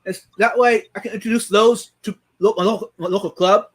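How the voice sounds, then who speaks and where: High-voiced man on a live stream. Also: steady tone. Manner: halting, repeats words, reads viewer comments. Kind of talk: casual live stream chat.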